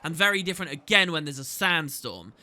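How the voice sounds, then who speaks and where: Bright-voiced man narrating gameplay. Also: a little high, expressive, fairly quick, slight background noise. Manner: chatty, enthusiastic, reads dialogue aloud. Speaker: gaming video host. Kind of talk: casual gameplay commentary. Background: faint game music.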